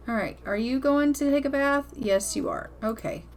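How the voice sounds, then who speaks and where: A woman's voice: high voice, normal speed, few pauses, a little hiss or hum. A woman giving casual, blunt, chatty commentary while playing a life-simulation game, swearing now and then. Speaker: gameplay commentator.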